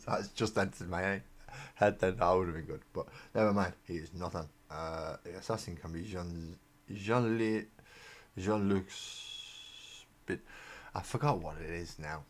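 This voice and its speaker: A deep-voiced English man talks loosely through a live stream while he works on models at his desk. He rambles and mocks himself, and his words often trail off into mumbles. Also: measured pace. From England. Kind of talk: casual live-stream chat while building miniatures. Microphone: desk mic on a live webcam stream.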